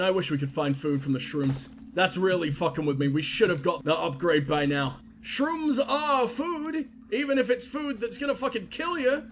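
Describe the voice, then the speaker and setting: High-pitched dude swearing and joking at a video game, sarcastic, chatting to the npcs, faint hiss behind him. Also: male voice. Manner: crude, sarcastic and profane joking; talks to the game characters. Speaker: gaming video host. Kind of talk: let's-play commentary.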